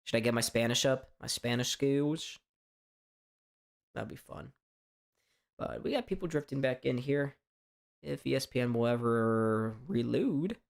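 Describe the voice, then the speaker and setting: A man from hosting a live sports reaction stream, chatting casually in a strained, hoarse voice, rambling and stammering through restarts. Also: medium pitch, expressive, moderate pace. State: voice straining from shouting. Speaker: sports fan livestream host.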